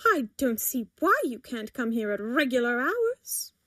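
A woman's voice: fairly high pitch, big pitch swings, measured pace, a bit bright, no room sound, studio quality, exaggerated voice. A woman voicing a suspicious, disapproving middle-aged mother who speaks with incredulous sharpness. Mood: grumbling.

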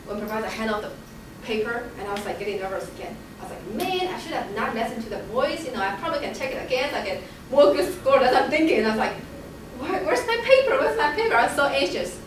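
Woman, high-ish voice, lively storytelling, distant mic, very echoey noisy room. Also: fast talker. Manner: animated storytelling, acting out quoted voices. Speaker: Bible study member sharing a testimony. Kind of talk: casual personal testimony.

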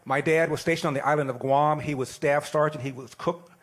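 A man in his sixties giving an animated, plain-spoken storytelling speech. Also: fairly high pitch, a little fast. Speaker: speaker at an event.

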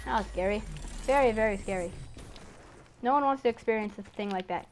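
A gaming YouTuber giving live commentary over a match, chatty and excitable, talking to enemies on screen and screaming when startled. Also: mid-range voice, normal speed, long pauses, a little hiss or hum.

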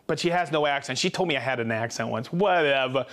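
This man talks fast, his medium-pitched voice a bit bright, as he hosts a live tool stream. He happily reads out viewers' names and hometowns, joking around and stumbling over the harder ones.

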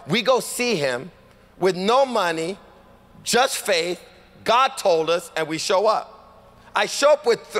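High-voiced pastor in echoing hall. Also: male voice. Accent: Californian. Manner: animated, acts out dialogue, rhetorical calls to congregation. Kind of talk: sermon storytelling. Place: church sanctuary. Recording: long hall reverb.

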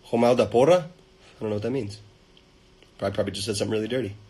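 A man hosting a casual livestream, reading fan comments aloud and greeting viewers in playful, sudden loud bursts into a phone held at arm's length. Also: lowish voice, steady tone, quick pace, slightly rough, low-quality recording.

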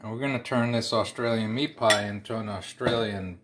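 A man's voice: lowish voice, fairly even intonation, moderate pace, very noisy. A middle-aged man hosting a casual cooking vlog, chatty and folksy, poking fun at himself. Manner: chatty, folksy, self-deprecating. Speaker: cooking vlogger.

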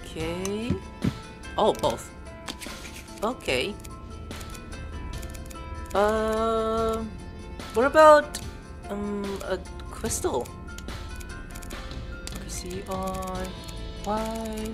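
A man's voice: high voice, drawn-out words, pauses often. A man giving casual let's-play commentary, reading on-screen text aloud, spelling out words letter by letter, and swearing when surprised. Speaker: gameplay streamer. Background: game music.

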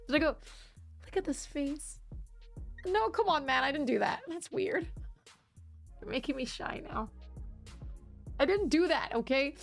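A woman's voice: high voice, animated, normal speed, creaky, pauses often, faint music behind. A woman livestreamer chatting casually with her viewers, laughing often and reading chat aloud.

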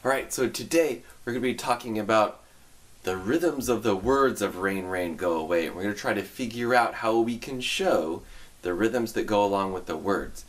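A man's voice: lively intonation, normal speed. Upbeat man teaching a children's music lesson. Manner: sings the tune in a higher voice and gives upbeat directions.

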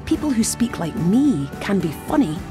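A woman from Scotland with a Scottish accent, presenting and narrating a documentary in a brisk, wry way. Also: mid-range voice, sing-song, music in the background.

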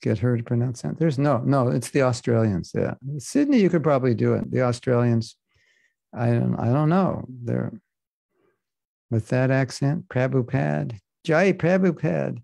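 A man's voice: mid-range voice, moderate pace, creaky, warm tone, dry recording. A man giving a scripture class as a spiritual teacher, talking casually and joking as he wanders off topic. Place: class in Florida.

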